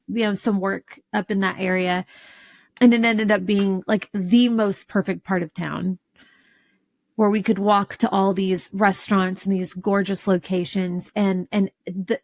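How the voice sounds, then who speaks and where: A woman hosting a podcast, telling a personal story in an animated, expressive way with sudden jumps in pitch. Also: vocal fry. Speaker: podcast host.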